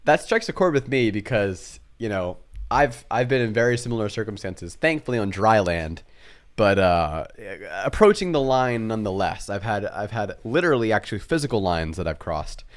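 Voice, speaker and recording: A young man co-hosting a podcast, telling a childhood story in a casual, animated, self-mocking way. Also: lowish voice, moderate pace. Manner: animated, self-mocking storyteller who acts out family voices. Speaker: podcast co-host.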